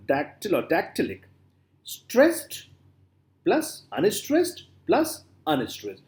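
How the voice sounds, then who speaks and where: A man's voice: a little high, darkish tone. A man giving a classroom lecture, repeating example words aloud with strong stress and often saying "you know" and "uh". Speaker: literature lecturer.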